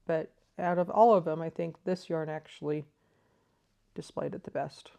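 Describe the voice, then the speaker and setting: Her voice deep and gravelly, this woman hosts a crochet vlog from her living room, speaking at a moderate pace with fairly even intonation. Her explanations are thoughtful and enthusiastic, delivered softly and sprinkled with ums.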